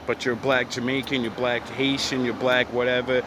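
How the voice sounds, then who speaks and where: A man's voice: mid-range voice, little pitch movement, normal speed, background noise. An American man in a blunt, profane ranting commentary who hammers his points with repetition. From United States. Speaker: vlogger.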